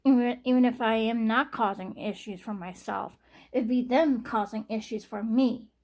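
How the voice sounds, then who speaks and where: Young woman vlogger, slightly high voice, halting and repetitive, sighs a lot. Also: a little mellow. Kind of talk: personal vlog monologue.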